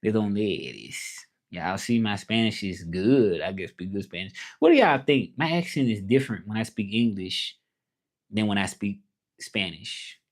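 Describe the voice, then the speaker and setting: A man's voice: fairly low pitch, expressive, measured pace. A man from Tennessee with a Southern accent, chatting casually on his livestream and answering viewer comments aloud. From Tennessee, USA. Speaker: livestream host and interpreter.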